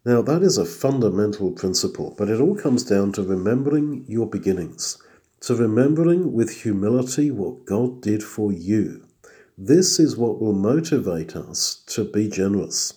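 A man's voice: lowish voice, animated, moderate pace, mellow. A man preaching an expository sermon, reading scripture aloud and then explaining it earnestly. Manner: acts out inner thoughts in a chatty aside voice.

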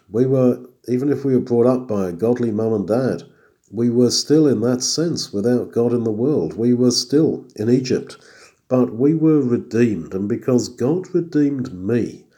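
A man preaches an expository sermon in a low-leaning, mellow voice, reading scripture aloud and then explaining it earnestly. Now and then he acts out inner thoughts in a chatty aside voice.

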